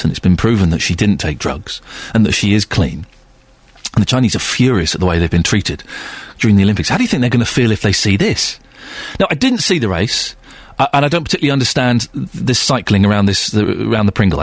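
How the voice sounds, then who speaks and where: A man presenting a chatty local radio phone-in, animated and full of stammering restarts. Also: lowish voice, breathy edge, no room sound.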